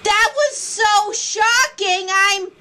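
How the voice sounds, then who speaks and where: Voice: very high voice, very slow, pushed and bright, exaggerated voice. A performer voicing a hot-tempered young male toy character who reacts to a cartoon with screaming, sobbing outbursts. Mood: furious. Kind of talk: reaction video role-play.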